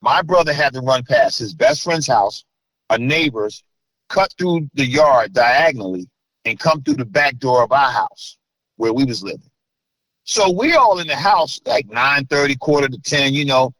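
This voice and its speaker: A middle-aged man from New Jersey tells his story as an interview guest. He talks in a mid-pitched voice and gets loud and animated when he acts out what others said. The sound is dry and close. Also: normal speed, no room sound, low-quality recording.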